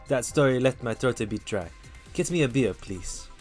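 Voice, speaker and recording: A man voicing a worldly bar patron who tells dark stories, in a put-on, vaguely Russian accent with a measured, lowered delivery while reading game dialogue aloud. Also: animated, close to an everyday voice. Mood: storytelling. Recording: faint music behind.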